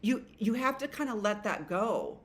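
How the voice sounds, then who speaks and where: A woman's voice: mid-range voice, moderate pace. A middle-aged woman giving a casual tarot reading, rambling with many fillers and restarts and casual swearing. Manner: animated voices when quoting the cards. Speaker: tarot reader.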